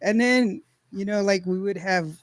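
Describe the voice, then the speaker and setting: A man with a drawl hosts a podcast, telling a long, rambling story and acting out quotes along the way. His voice sits a little high for a man. The recording is close and dry, with no room sound. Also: unhurried, no echo. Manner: rambling, animated, laughs often, acts out quotes. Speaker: podcast host. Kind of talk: casual storytelling chat.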